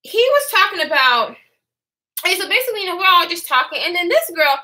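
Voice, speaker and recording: This is an animated young woman, spilling a story on her vlog. Her voice sits high and sounds very bright, and it swings widely in pitch as she mimics the people she talks about. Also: brisk. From Houston, Texas. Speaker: vlogger.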